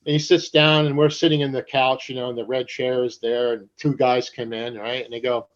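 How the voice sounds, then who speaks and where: A man's voice: medium pitch, brisk. An older man, a tattoo artist guest, telling anecdotes in casual conversation, swearing freely and acting out the people in his stories. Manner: animated raconteur, swears freely, acts out voices in anecdotes. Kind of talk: casual storytelling interview. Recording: dull lo-fi recording.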